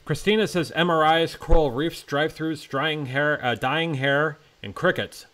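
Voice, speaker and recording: A man's voice: fairly high pitch, normal speed, hardly any pauses, fairly bright tone. Playful man reading viewer comments. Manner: playful, reads comments aloud. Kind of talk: casual chat.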